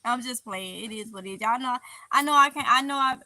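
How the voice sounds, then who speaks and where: A woman's voice: fairly high pitch, fast, pushed and bright, no room sound, rough recording. A middle-aged woman with a Mississippi accent hosting a casual livestream, reading chat comments in a chatty, playful way with heavy Southern dialect and frequent laughs.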